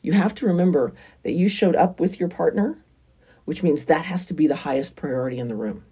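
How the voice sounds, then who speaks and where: A woman's voice: deep voice, brisk, dark tone, slightly rough. A woman hosting a frank, casual advice monologue, talking bluntly and with emphasis. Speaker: relationship advice host.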